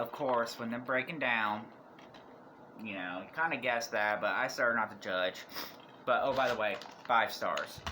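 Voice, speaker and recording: Hoarse, rambling man reviewing movies. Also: mid-range voice, sharp tone, a little hiss or hum. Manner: rambling, restarts sentences. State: losing his voice. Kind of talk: casual review vlog.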